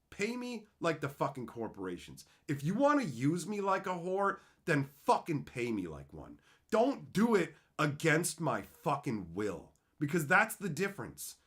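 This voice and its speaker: A male streamer talking on a live stream, in a bright, slightly high voice that swings widely in pitch. He vents frustration with heavy swearing and reads out viewer messages as he goes. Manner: ranting, frustrated, swears a lot.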